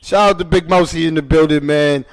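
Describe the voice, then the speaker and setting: A man's voice: a little high, steady tone, a little fast, soft background music. A man hosting a casual podcast who rambles emphatically and swears freely. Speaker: podcast host. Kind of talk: casual chat.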